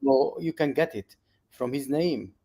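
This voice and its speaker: A man hosting an online talk on a video call, speaking haltingly and searching for words, with some teasing. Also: fairly high pitch, huge pitch swings, vocal fry, warm tone. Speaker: channel host. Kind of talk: casual online discussion.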